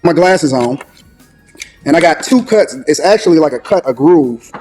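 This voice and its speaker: A man in his forties telling a story in an animated way, loudly acting out what people said. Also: fairly high pitch, soft background music. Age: 40s. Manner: rapid, acts out quoted dialogue loudly. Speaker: podcast storyteller.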